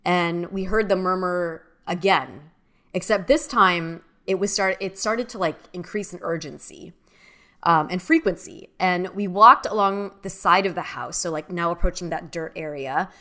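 A young woman with a bright, forward voice that sits slightly low for a woman. She tells a personal story in loose, animated conversation, full of "like" and "um" as she goes. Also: moderate pace. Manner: animated storyteller, many fillers. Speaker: podcast co-host. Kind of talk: casual storytelling chat.

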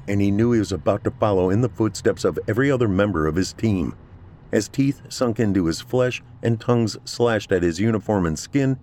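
Deep-voiced man narrating horror. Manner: steady, measured storytelling. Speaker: story narrator.

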